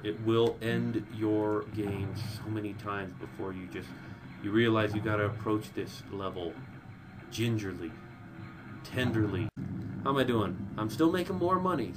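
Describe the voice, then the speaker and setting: A man giving casual gameplay commentary, talking straight to his viewers and jumping high in pitch when things go wrong. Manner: excitable, voice jumps high when panicking; talks directly to viewers. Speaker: let's play commentator.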